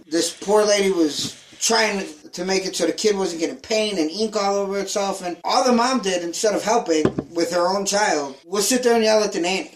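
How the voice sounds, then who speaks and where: High-voiced man venting in an echoey room. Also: slight background noise. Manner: joking, profane venting. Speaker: podcast guest. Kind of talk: casual chat. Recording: roomy echo.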